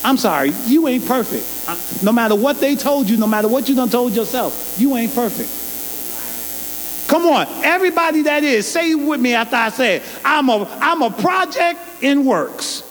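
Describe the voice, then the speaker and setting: A man's voice: very high-pitched, expressive, brisk. A man preaching a sermon, emphatic and folksy, with loose colloquial grammar and call-and-response to the congregation. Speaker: pastor. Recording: long hall reverb with faint mains hum.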